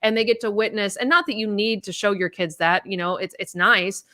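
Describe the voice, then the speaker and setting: A woman's voice: medium pitch, brisk, bright, forceful tone. A middle-aged woman, a podcast co-host, telling a personal story in candid casual chat, blunt and swearing freely.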